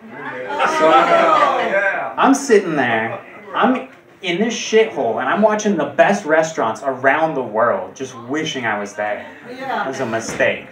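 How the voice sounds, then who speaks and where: A man's voice: very animated, a little slow. Stand-up comic man in a roomy club. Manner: jumps high and loud on punchlines. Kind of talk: stand-up routine. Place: comedy club stage. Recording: roomy and distant. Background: audience laughter.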